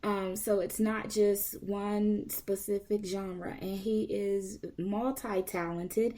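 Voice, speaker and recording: A woman's voice: medium pitch, little pitch movement, takes it slowly, dark tone. A woman hosting a podcast interview, upbeat and enthusiastic, laughing often. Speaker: podcast host. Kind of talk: casual interview chat.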